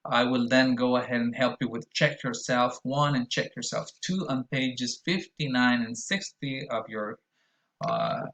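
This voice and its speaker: A man's voice: medium pitch, fairly bright tone. Patient man teaching pronunciation. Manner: explanatory, patient, models sounds aloud. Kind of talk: recorded video lecture.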